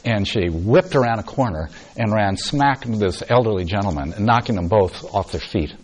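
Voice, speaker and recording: A man giving a meditation retreat talk, telling a story in a soft, unhurried way. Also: on the low side, lively intonation. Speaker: meditation teacher.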